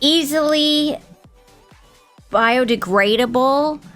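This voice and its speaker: A woman's voice: sits high, slow, fairly bright tone, soft background music. A woman livestreamer chatting casually with her viewers, telling stories and swearing freely.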